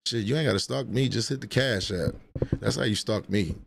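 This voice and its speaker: Dude on a livestream roasting chat, low voice, aave, profane and laughing. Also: male voice, brisk, creaky, noisy background. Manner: trash-talking, laughing, profane banter. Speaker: livestream host.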